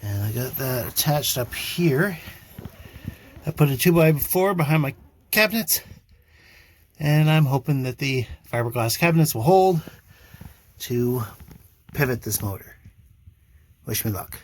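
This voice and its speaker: Inside a sailboat cabin, with a little hiss or hum in the audio, an older man narrates his motor refit in a medium-pitched voice with lively intonation, a measured pace, and frequent pauses. His casual commentary is dry and self-deprecating, loaded with fillers.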